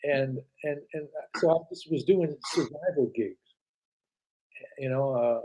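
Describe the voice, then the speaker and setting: A man's voice: mid-range voice, measured pace, dark tone, low-quality recording. An older man telling anecdotes as an interview guest, acting out quoted dialogue with frequent restarts. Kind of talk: casual storytelling interview.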